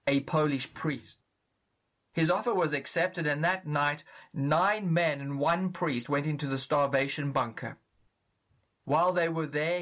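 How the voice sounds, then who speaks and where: A man's voice: a little high, fairly bright tone. A man preaching a sermon, earnest and emphatic, pressing his points with urgency.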